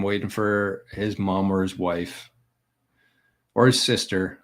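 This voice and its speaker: A man's voice: low voice, fairly even intonation, slow, a bit bright. A man hosting a daily vlog, reading viewer comments and answering them in a blunt, profane, combative way. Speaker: bitcoin vlogger.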